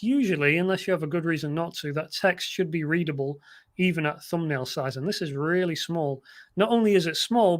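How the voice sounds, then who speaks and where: Male livestream tutor, slightly raised pitch, conversational critique, chuckles now and then. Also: a bit bright. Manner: conversational, frequent restarts, occasional chuckles. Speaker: design educator hosting a livestream.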